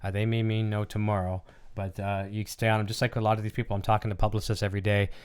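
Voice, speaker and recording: A man hosts a relaxed live stream in a lowish voice, rattling along at a quick clip. His speech stays smooth and clear, though he drops plenty of ums and uhs between thoughts. He sounds like a friendly channel host chatting off the cuff. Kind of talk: casual live-stream chat.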